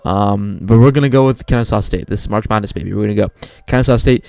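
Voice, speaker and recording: A young man rattles through his sports picks in a casual, rambling way, often stopping to correct himself. His voice sits on the low side with a gravelly edge. He is recorded close up in a dry room. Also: fast talker, a little mellow, no room sound. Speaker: sports video creator. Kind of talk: casual bracket picks talk.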